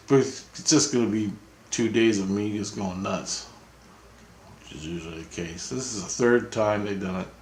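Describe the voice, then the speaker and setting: A man's voice: fairly low pitch, normal speed, a little mellow. A man vlogging, telling a rambling personal story with chuckles. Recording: roomy echo.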